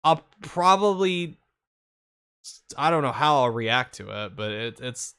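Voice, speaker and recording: A man's voice: mid-range voice, expressive, a little slow, a bit bright, smooth. A man co-hosting a casual gaming chat, giving strong opinions and laughing often.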